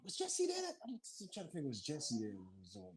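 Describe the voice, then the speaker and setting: A man casually telling stories, acting out quoted lines in a higher voice. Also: huge pitch swings, fast talker, breathy edge. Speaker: group member reminiscing. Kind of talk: casual storytelling.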